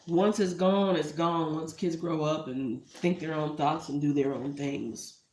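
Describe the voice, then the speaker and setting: A woman's voice: sits low, darkish tone, a little hiss or hum. Heartfelt rambling woman in an echoey room. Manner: rambling, heartfelt, drifts into asides. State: emotional. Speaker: entrepreneur vlogger. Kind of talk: casual talk to camera. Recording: roomy echo.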